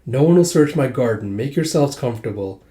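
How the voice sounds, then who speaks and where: A man reading the lines of a composed noblewoman, a lord's mother, in a calm, measured way. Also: mid-range voice, lightly acted. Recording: echoey room.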